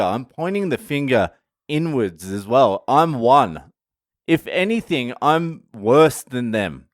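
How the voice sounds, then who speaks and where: A man from Australia with an Australian accent, telling a story in a casual, sweary, animated vlog rant and laughing at himself. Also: medium pitch, a little slow, no echo, clean studio sound. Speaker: vlogger. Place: indoors, at home.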